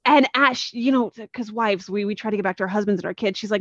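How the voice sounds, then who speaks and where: Speaking quickly in a medium-pitched voice, a woman energetically recounts a comic book story on a podcast, voicing the characters' lines herself. The sound is lo-fi, with no room sound at all.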